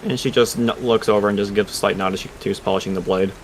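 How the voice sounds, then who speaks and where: A man's voice: on the low side, fairly even intonation, slight background noise. Man narrating as game master. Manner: slow descriptive narration with fillers.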